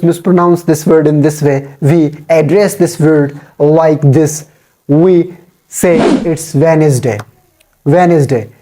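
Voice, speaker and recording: Mellow-voiced man teaching pronunciation. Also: sits high. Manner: repetitive, drills each word aloud. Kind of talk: instructional talk.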